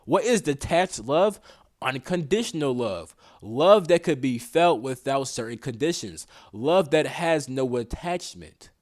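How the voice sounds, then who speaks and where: A man's voice: medium pitch, expressive, unhurried, a little mellow, no room sound, poor audio. A young man giving a casual spiritual talk, slangy and swearing, often asking "you know what I'm saying". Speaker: spiritual teacher.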